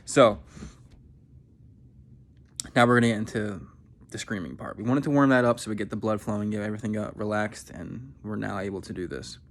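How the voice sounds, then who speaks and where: A man giving a vocal warm-up lesson as a voice coach, explaining and demonstrating techniques. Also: lowish voice, steady tone, a little fast, pauses often. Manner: instructive, demonstrating sounds.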